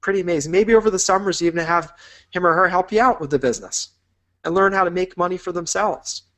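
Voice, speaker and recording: A man's voice: high-pitched, quick pace, a bit bright. A man teaching a business course in an upbeat, encouraging way, painting vivid imagined scenes for the listener. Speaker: business instructor. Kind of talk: motivational teaching talk.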